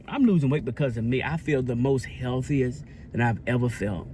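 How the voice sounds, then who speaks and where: A man's voice: mid-range voice, normal speed, dark tone, slight background noise. A man vlogging in a casual, preachy style, earnest and repetitive, with a sermon-like cadence. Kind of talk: casual preachy vlog talk.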